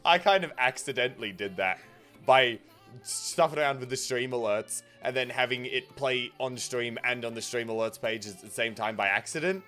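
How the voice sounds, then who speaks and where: A man's voice: mid-range voice, normal speed, sharp tone, soft background music. A young man hosting a casual stream chat, reading viewer messages aloud, rambling with many fillers and frequent giggles. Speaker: streamer host.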